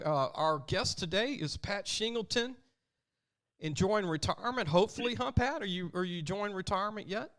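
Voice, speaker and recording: A man's voice: high-pitched, normal speed, a bit bright. A man hosting a sports podcast, telling stories in a chatty way and acting out the people he quotes. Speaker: podcast host. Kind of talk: casual sports talk.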